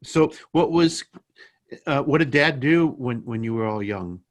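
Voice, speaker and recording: A man's voice: mid-range voice, animated, measured pace. A man interviewing for an oral history project, asking encouraging questions with hesitant restarts.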